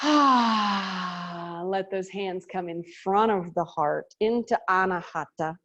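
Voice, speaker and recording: Yoga teacher, woman, unhurried delivery, guides chair poses on a video call, playful asides between cues. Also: medium pitch, fairly bright tone, dull audio. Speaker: yoga instructor.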